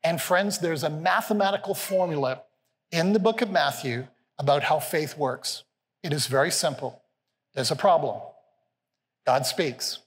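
A senior pastor preaches to a live congregation in a big church hall. His voice sits a little high for a man and carries a long reverb tail off the room. He is animated and playful, voicing the quotes with a lift in pitch. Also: normal speed. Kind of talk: sermon.

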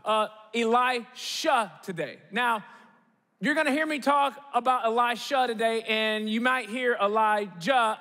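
A man preaching a sermon in a lively storytelling manner, often checking in with the congregation. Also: extremely high pitch. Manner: animated, checks in with the audience often. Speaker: guest preacher. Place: large church auditorium. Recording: long church hall reverb.

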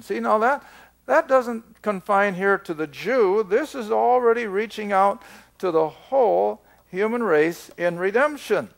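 An older man teaching a Bible study in a slow, emphatic way, drawing out his words. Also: high-pitched, animated, gravelly.

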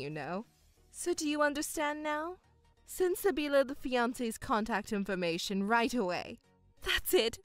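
A woman's voice: high-pitched, no room sound. A woman voicing a gloating, spiteful mother. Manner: mocking, condescending, gloating. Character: scheming middle-aged mother, doting, spiteful to elder daughter. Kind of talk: voiced story narration.

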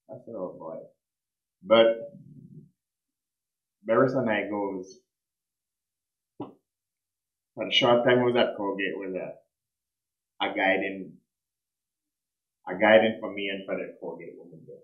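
A man's voice: lowish voice, a little slow, long pauses. A man giving an emotional funeral eulogy, telling stories and quoting past conversations. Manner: storytelling, quoting dialogue, emotional. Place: funeral service hall. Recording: echoey hall, dull sound.

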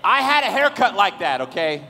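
A man with a high voice preaches in a loose, joking way, talking to his young crowd and teasing them. His voice rings out with a long reverb. He is leading a church service for youth. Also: normal speed. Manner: joking, animated, talks to the crowd. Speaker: youth pastor. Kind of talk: casual comedic sermon. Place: large church hall.

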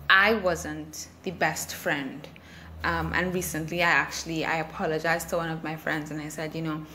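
A woman's voice: lowish voice, sharp tone, slight background noise. A woman hosting a solo podcast, talking candidly and reflectively about friendship and laughing at herself. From Trinidad and Tobago. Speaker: podcast host. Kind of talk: casual solo podcast monologue.

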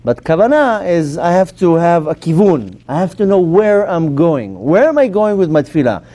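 Animated rabbi, mellow higher voice. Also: male voice, moderate pace. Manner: emphatic, animated teaching with questions to the audience. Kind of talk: Torah class to a live audience.

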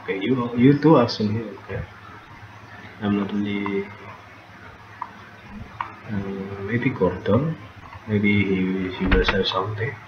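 Guy doing casual let's-play chat, swears a lot, low voice, lo-fi noisy mic. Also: takes it slowly, pauses often, echoey room. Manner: chatty, swears and laughs at the game. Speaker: gameplay streamer. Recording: dull lo-fi sound with noticeable background noise.

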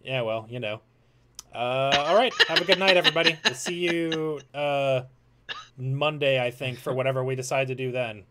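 A man's voice: mid-range voice, moderate pace, heavy background noise. Laid-back man hosting a game stream. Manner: laid-back, teasing, swears casually. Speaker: host. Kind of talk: casual game-stream chat.

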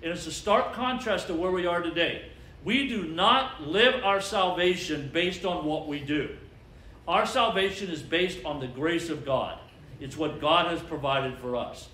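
A man's voice: on the high side, unhurried, pushed and bright, a little hiss or hum. A man preaching a sermon as pastor, emphatic and asking the congregation to call out answers. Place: church sanctuary. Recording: echoey church with faint ambience.

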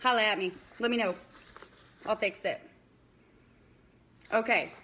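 A woman's voice: mid-range voice, a little slow, sharp tone, slightly rough. A young woman hosting a casual live-stream bingo game, chatty and scattered, talking to viewers by name.

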